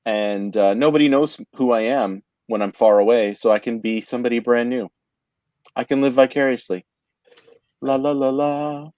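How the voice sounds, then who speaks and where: A man's voice: medium pitch, a little mellow, dry recording. Stammering Canadian man, dry sound. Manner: halting, stammering restarts, laughs easily. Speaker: podcast host. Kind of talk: casual chat.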